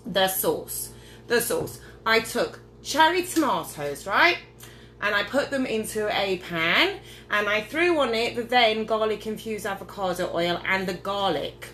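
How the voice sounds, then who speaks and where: A woman's voice: medium pitch, pushed and bright, slight background noise. A tipsy woman chatting her way through a casual cooking demonstration at home, rambling and losing her train of thought. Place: home kitchen, indoors. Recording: echoey kitchen with clattering dishes.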